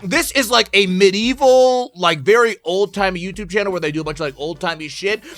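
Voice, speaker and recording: A man hosting a reaction video, reacting loudly and profanely with excitable outbursts. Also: high-pitched, fairly quick, faint music behind. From United States. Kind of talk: casual reaction commentary.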